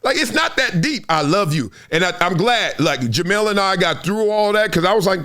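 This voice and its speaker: Animated, high-voiced middle-aged man host. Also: normal speed, hardly any pauses. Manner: animated, emphatic, repeats words, laughs while making points. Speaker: podcast host. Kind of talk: casual sports commentary monologue.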